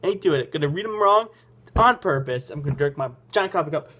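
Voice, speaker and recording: A man reading a story game aloud to his viewers, goofy and self-mocking. His pitch swings widely. He laughs at his own stumbles as he goes. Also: lively intonation, fairly quick, bright, forceful tone. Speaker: game channel host.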